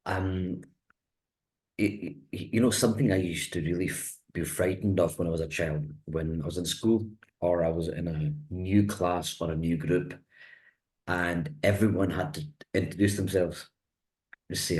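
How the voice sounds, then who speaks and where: Man, stuttering, very low pitch, reflective interview host. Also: fairly even intonation, measured pace, low-quality recording. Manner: stutters with repetitions and blocks, reflective and soft-spoken. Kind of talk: conversational interview.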